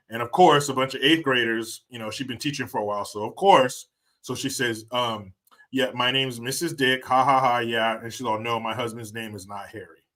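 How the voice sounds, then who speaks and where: A middle-aged man with a bright, forward voice hosts a casual live stream. He chats loosely with viewers, cracks jokes, laughs often and swears freely. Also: medium pitch. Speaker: livestream host.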